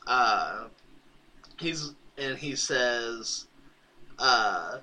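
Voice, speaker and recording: A man's voice: medium pitch, unhurried, bright, forceful tone, rough recording. A man co-hosting a podcast, casually retelling a comic book's story and quoting its characters with laughs along the way. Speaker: podcast co-host. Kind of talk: casual comic recap chat.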